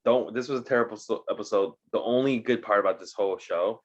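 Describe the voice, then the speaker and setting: A man with a somewhat low voice co-hosts a casual podcast, offering dry, wry remarks. His audio comes through a dull, muffled lo-fi microphone. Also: fast talker. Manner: dry, wry commentary with laughs. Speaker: podcast co-host. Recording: dull lo-fi mic.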